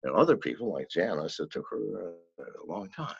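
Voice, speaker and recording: A man's voice: low-pitched, moderate pace, creaky, husky. Profane older man telling wild stories. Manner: profane, animated storyteller. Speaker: podcast guest. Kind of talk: casual storytelling. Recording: dull, lo-fi, dry sound.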